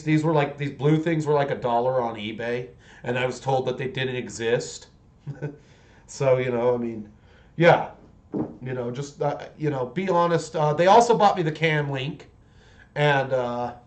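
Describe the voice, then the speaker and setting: On a livestream, a man in his forties paints miniatures and chats casually in a mid-range voice. His talk rambles along, with frequent restarts.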